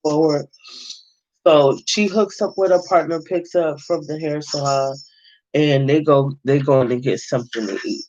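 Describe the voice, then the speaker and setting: A man talks through a movie in a loose, rambling way, full of slang, swearing and "you know what I'm saying." His voice sits a little high for a man. The recording is dull and lo-fi. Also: fairly even intonation, a little slow, darkish tone. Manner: slangy, profane and rambling, with many fillers. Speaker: movie reviewer. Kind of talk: casual movie review commentary.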